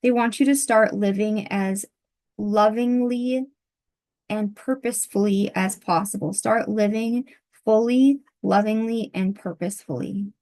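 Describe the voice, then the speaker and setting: A woman reads tarot aloud as if receiving messages, pausing often and filling the gaps with soft fillers. Her voice sounds a bit worn after a long session, and her pitch sits in a middle range. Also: steady tone. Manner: soft, halting, with many pauses and fillers. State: losing her voice. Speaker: tarot reader. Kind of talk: channeled tarot reading.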